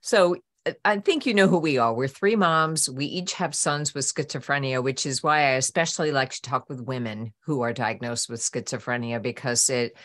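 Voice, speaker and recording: Older woman host, low-pitched, gentle hesitant questioner. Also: moderate pace. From New York. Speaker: podcast co-host, mother. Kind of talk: conversational interview.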